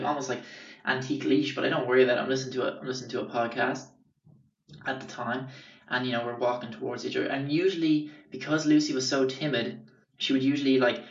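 A young Irish man rambles through his stories casually, swearing freely and filling gaps with "um" and "like." His voice sits at a middle pitch and echoes in a roomy space. The sound is dull and a little distant from the mic. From Ireland. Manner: rambling, sweary, lots of fillers. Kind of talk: casual storytelling.

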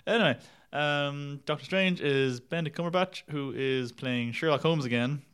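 A man's voice: fairly high pitch, normal speed, a bit bright, smooth. A man reviewing films in casual chat, rambling and wry, laughing at his own jokes and swearing now and then. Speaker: podcast film reviewer.

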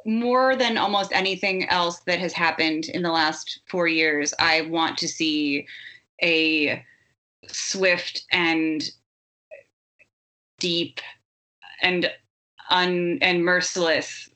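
A woman co-hosting a podcast, speaking in a measured, deliberate way. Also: lowish voice, steady tone, sharp tone. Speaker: podcast co-host. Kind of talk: casual chat.

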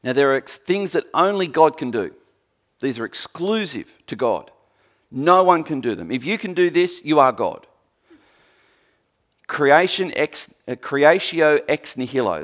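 Expressive and unhurried, a preaching pastor mixes emphasis with dry wit. His delivery rises to forceful peaks and then drops into soft, low moments.

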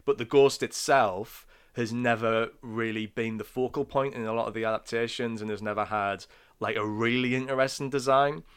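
A man co-hosting a casual film podcast, animated and quick to laugh. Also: medium pitch, clear, resonant tone. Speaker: podcast co-host.

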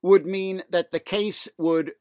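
A man in a halting, sarcastic rant, full of fillers and indignant asides. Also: high-pitched, fairly even intonation, no echo, studio quality. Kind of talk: ranting monologue.

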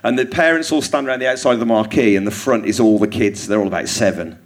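A man's voice: on the low side, fast. A man, a comedian guest, telling comic anecdotes on a theatre stage and laughing through his stories. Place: theatre stage before a live audience. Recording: live theatre audience laughter. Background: audience laughter.

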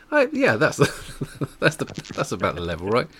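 A man's voice: medium pitch, wildly swooping pitch, measured pace, a bit bright, husky. A man hosting a podcast, chatting casually with dry, self-mocking humour and frequent laughter. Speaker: podcast host.

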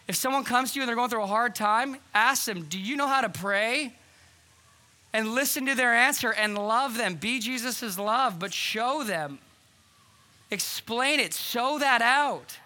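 Man, pastor, sermon, very high voice, earnest and urgent. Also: pushed and bright. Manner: earnest, urgent preaching with quoted dialogue. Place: church hall.

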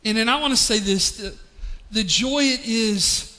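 In a large church hall with a long reverb tail, a man in his 40s from East Tennessee delivers a heartfelt, emotional sermon to his congregation. His voice is high and sharp at a measured pace, with frequent restarts.

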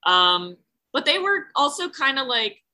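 Bright-voiced woman telling a rambling story. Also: sits high, very animated, a little slow, poor audio. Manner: rambling, heavy use of "like", swears freely. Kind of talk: casual storytelling chat.

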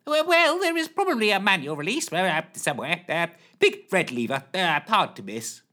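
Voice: mid-range voice, very animated, normal speed, sharp tone, voice pushed up. A narrator voicing a flustered, fussy male rocket captain who stammers through ums and uhs.

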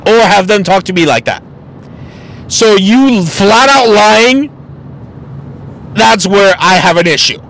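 Blunt high-voiced man ranting. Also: lively intonation, slow, vocal fry, pauses often, fairly bright tone, slight background noise, low-quality recording. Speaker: podcast host. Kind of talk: opinion podcast monologue.

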